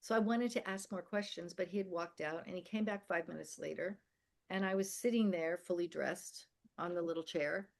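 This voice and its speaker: Older woman, low-voiced candid storyteller. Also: normal speed, vocal fry. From America and the Philippines. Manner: vivid, emphatic storyteller who acts out quoted dialogue. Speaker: podcast guest.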